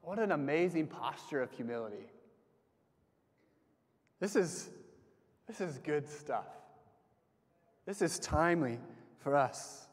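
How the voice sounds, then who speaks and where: A young man giving a casual sermon to a campus group, talking conversationally with lots of fillers and letting his phrases trail off softly. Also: a little high, animated, takes it slowly, pauses often. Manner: conversational, frequent "like" fillers, dips soft at phrase ends. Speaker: campus ministry speaker. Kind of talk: casual sermon with personal stories. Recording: long hall reverb.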